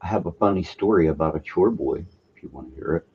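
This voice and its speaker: A man's voice: low voice, fast, slight background noise. A man telling a story on his own stream, swearing and laughing as he goes. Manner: animated, swearing, laughs often. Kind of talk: casual chat, storytelling. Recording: dull lo-fi stream audio.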